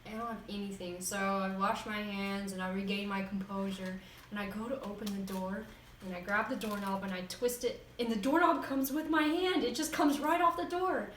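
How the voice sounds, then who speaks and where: A woman tells a story in a lively, casual way, breaking into laughter often. She sits some way back from the microphone in a roomy, echoing room. A faint hiss hangs under her voice. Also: mid-range voice, moderate pace. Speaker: vlogger. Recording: roomy echo, distant mic, faint noise.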